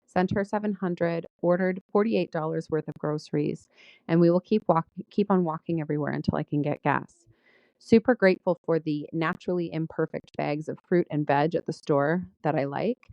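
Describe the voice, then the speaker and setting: A low-pitched woman hosting a podcast, speaking in an earnest, list-like rhythm as she works through one heartfelt line after another. The sound is dull and lo-fi, with a dry, close, roomless quality. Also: normal speed, creaky, darkish tone, no room sound. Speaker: podcast host. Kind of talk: spoken gratitude journal, podcast monologue.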